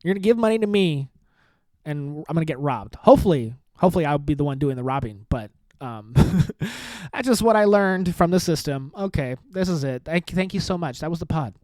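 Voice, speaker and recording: A man's voice: fairly high pitch, lively intonation, a little fast, darkish tone, no echo. A male comedian hosting his podcast alone, rambling in a sarcastic, self-mocking way and saying "dude" often. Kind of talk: rambling solo podcast sign-off.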